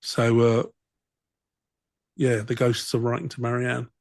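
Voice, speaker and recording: A podcast co-host on a comedy show reads a document aloud in bursts, then breaks off to riff with wry, dry comments. His medium-pitched voice is monotone and unhurried, with vocal fry and no echo.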